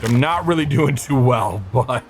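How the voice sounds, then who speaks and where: A male streamer talking his way through a game in casual commentary. He swears freely and laughs at his own failures, and his pitch jumps up and down a lot. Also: animated, a little slow, music in the background. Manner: chatty and swears often, with frequent laughs and self-talk.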